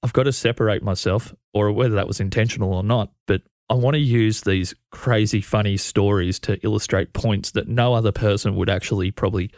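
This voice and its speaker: A man hosting a podcast, talking in a relaxed, rambling way with a morning voice. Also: on the low side, a little fast, few pauses, dry recording, clean studio sound. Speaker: podcast host. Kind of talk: casual interview intro.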